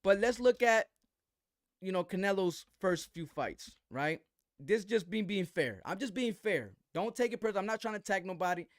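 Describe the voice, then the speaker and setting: Man, boxing stream host, slightly high voice, defensive, slangy, dry close sound. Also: expressive, moderate pace, dry recording. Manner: defensive, slangy, keeps asking "right?". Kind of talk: live-stream commentary.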